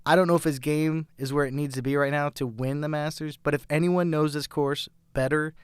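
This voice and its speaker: A man's voice: fairly high pitch, fairly even intonation, a little fast, clear, resonant tone, dry recording. A young adult man hosting a casual sports talk show, chatty and enthusiastic, rambling through his picks.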